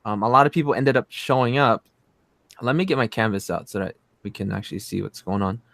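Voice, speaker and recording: A man's voice: on the low side, fairly quick, creaky, no echo. Chatty man with a dry close sound. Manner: rambling, excitable storytelling with many fillers. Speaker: streamer and co-host. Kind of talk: casual livestream chat.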